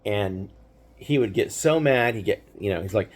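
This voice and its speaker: An older man with a fairly low voice tells a story from his past in a relaxed, meandering way. He stops and restarts often and fills the gaps with small verbal fillers. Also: moderate pace, breathy edge. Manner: rambling, many fillers and restarts. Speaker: host. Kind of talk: casual storytelling.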